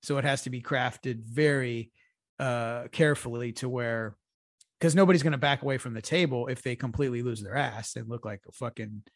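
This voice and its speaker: A man co-hosting a podcast at an average pitch, talking loosely and swearing as he goes. His thoughts stop and restart midway. The sound is dry and close, with no room echo. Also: brisk. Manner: profane, rambling, with restarts. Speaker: podcast co-host. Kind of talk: casual chat.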